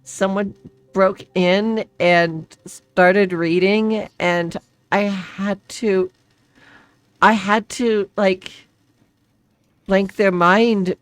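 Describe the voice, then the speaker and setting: A woman's voice: medium pitch, slow, long pauses, voice pushed up, natural voice. A woman voicing a distressed young woman who stammers and pleads, close to tears. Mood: pleading. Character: distressed young woman bound by a dark deal.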